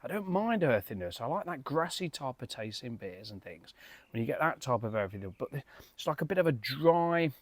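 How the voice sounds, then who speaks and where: A man's voice: mid-range voice, big pitch swings, a little fast, dry recording. Rambling man. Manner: rambling, many fillers and restarts. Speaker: beer reviewer. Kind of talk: casual beer tasting review.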